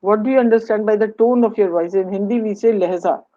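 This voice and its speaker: A woman's voice: mid-range voice, fast. Woman, Indian English accent, instructive webinar talk, rhetorical questions, muffled lo-fi audio. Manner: teacherly, asks rhetorical questions, mixes Hindi into English. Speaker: webinar speaker on communication skills. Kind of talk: instructive lecture.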